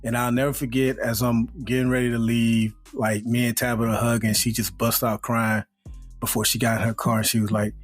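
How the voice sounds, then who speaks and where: Animated man telling a story. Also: medium pitch, brisk, husky, soft background music. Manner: animated storytelling, laughing, acting out friends' voices. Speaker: podcast co-host. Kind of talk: casual chat, storytelling.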